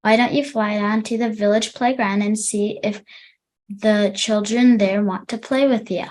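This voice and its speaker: A woman's voice: steady tone, a little slow, lightly acted. A woman reading a storybook aloud to children, voicing a caring mother dragon in a raised, fussing voice. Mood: encouraging. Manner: high, bright, doting storybook voice.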